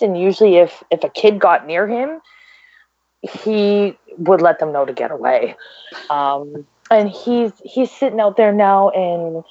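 A woman's voice: lowish voice, a little mellow, no room sound, lo-fi sound. A woman talking as a guest, chatty and upbeat with lots of fillers. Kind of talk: casual chat.

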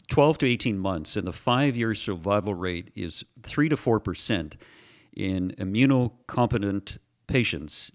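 A man interviewing a guest, asking plain questions with some hesitant fillers. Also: lowish voice.

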